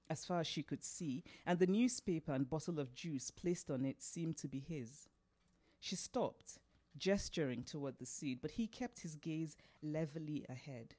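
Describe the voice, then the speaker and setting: Novelist reading her fiction aloud. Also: deep voice. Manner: unhurried, expressive, laughs at slips.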